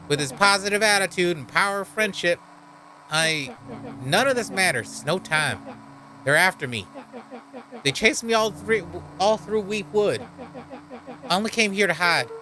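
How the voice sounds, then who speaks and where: A man's voice: high-pitched, animated, normal speed, pauses often, sharp tone. A man voicing a bitter, self-pitying undead boy who hides as a monster. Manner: sulky, self-pitying, resentful.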